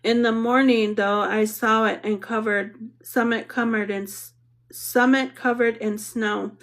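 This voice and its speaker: A woman narrating an audiobook in the first person, reading in a measured, reflective way. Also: medium pitch, fairly even intonation.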